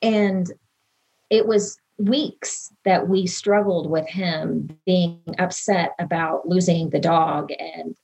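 A woman's voice: on the low side, fairly even intonation, slow pace, vocal fry, a little mellow, slightly rough. A woman in an interview, earnestly and emotionally recalling events from her own life. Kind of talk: personal recollection in an interview.

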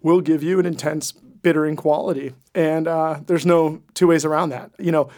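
Higher-voiced man explaining patiently. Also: steady tone, normal speed, darkish tone. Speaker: beer expert guest. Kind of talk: explanatory conversation.

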